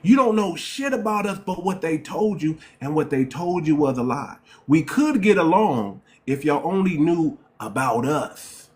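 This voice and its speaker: A New York-accented man runs a live-stream debate in an emphatic, repetitive lecturing style, calling someone "ma'am" again and again. His voice is fairly high and animated, and he speaks unhurriedly with few pauses.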